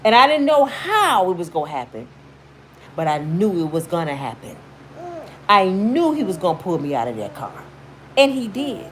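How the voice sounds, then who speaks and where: A woman's voice: lowish voice, very animated, normal speed, a little hiss or hum. A woman in her fifties giving blunt, emphatic, sermon-like motivational commentary on her YouTube channel.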